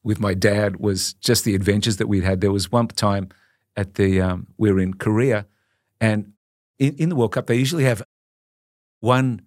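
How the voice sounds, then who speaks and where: An Australian man in his sixties, a podcast guest telling stories in a lively, animated way. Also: lowish voice, no echo, clean studio sound. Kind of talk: casual storytelling.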